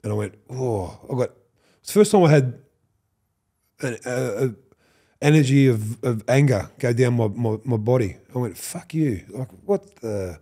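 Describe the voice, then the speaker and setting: An Australian man in his fifties, a podcast guest, telling animated stories, swearing freely and acting out what others said. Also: mid-range voice, moderate pace, long pauses, slightly rough. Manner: animated, swears, acts out quoted lines. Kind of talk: storytelling interview.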